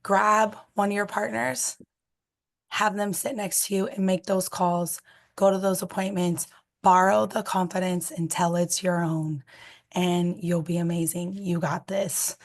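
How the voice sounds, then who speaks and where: A hoarse woman in her thirties on a video call, blunt and encouraging. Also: on the low side, fairly even intonation, unhurried. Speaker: real estate agent.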